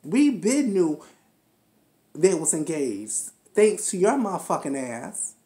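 A woman's voice: on the low side, sing-song, slow, warm tone. Fired-up woman ranting a recap. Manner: heated, profane, scolding, talks straight to the cast. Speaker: reality show recapper.

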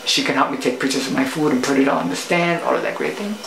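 A woman's voice: a bass voice, fast, vocal fry, roomy sound, background noise. A woman, a cooking show host, telling a playful story in a casual vlog monologue. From Puerto Rico.

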